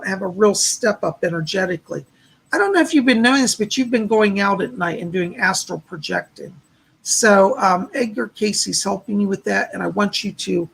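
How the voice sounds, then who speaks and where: A hoarse man hosts a livestream of psychic readings, his voice worn and husky with a gravelly fry. He reassures each viewer gently and relays spirit messages in a steady, patient way. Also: high voice. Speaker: psychic medium hosting a livestream. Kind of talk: live psychic readings answering chat.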